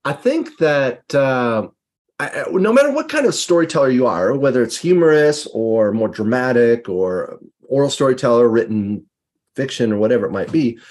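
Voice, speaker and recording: A man's voice: mid-range voice, darkish tone, slightly rough. A man hosting an interview, musing thoughtfully with frequent hesitations. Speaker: podcast host. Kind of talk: conversational interview.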